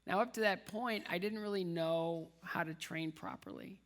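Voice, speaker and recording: A man speaks as a dinner guest with a gravelly, slightly rough edge to his voice. He tells his story with self-deprecating humor and sharp comic timing, leaning on repetition for laughs. He also slips into the voices of the people he quotes. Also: sits high, moderate pace. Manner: acts out quoted voices of others. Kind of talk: humorous personal storytelling speech.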